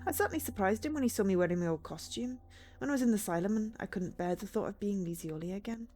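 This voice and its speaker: A woman's voice: medium pitch, animated, quick pace, warm tone, faint music behind, close to an everyday voice. A woman voicing a nervous former clown, a grateful ex-patient, speaking earnestly in a game.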